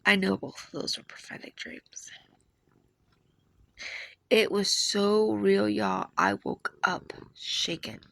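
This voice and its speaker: A woman in her forties tells a personal story with emotional earnestness, stopping and restarting with fillers. Her voice is bright and edgy, with a deep gravelly fry running through it. Her pitch climbs and drops in a lively way. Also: takes it slowly, long pauses, dry recording. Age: 40s. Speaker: video creator sharing dreams.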